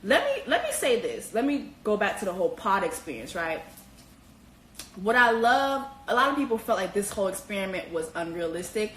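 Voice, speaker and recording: A woman hosting casual commentary on a reality TV show, animated and slangy, with profanity and squealing high exclamations. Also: fairly quick, roomy sound, a little hiss or hum, low-quality recording. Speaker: host.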